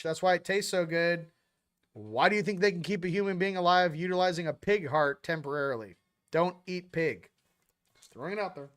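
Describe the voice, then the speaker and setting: A man's voice: sits high, fairly bright tone. A young man hosting a casual spiritual livestream monologue, loose and slangy, rambling with quoted asides. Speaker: spiritual channel host.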